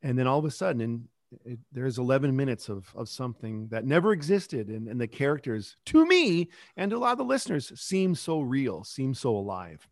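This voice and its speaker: A man's voice: mid-range voice, very animated, fairly quick, no echo, clean studio sound. A middle-aged man who creates a kids podcast, talking reflectively in a casual interview. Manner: reflective, rambling with restarts.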